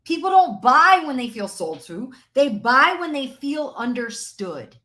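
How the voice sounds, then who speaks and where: A high-pitched woman hosts a live-stream coaching session. She talks with energy and preaches, repeating her main points for emphasis. She sounds like a business coach rallying her audience. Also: expressive, a little slow, few pauses, pushed and bright.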